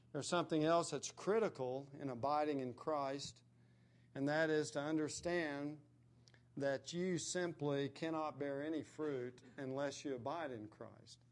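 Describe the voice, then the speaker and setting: A man preaching a sermon, earnest and emphatic, pressing his points with rising stresses. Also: medium pitch.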